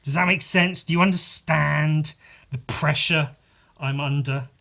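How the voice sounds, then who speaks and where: A man's voice: fairly high pitch, steady tone, measured pace, gravelly, sharp tone. A man hosting his own podcast in a casual solo monologue, rambling and self-deprecating and swearing now and then. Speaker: podcast host.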